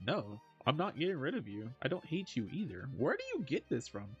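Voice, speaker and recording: A man streaming casually, reading chat aloud and answering in an animated, joking way. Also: medium pitch, a little fast, highs cut off, faint music behind.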